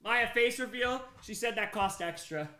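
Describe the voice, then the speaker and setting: A man's voice: very high-pitched, normal speed, pushed and bright. A young man hosting a casual livestream. He rambles, giggles often and thanks his viewers. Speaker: livestream host.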